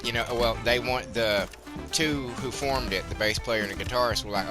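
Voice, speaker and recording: A man's voice: mid-range voice, steady tone, normal speed, music in the background. A man with a twangy Southern drawl, casually rambling and swearing as a gaming channel host. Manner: rambling, candid, swears freely. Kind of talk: casual gameplay commentary.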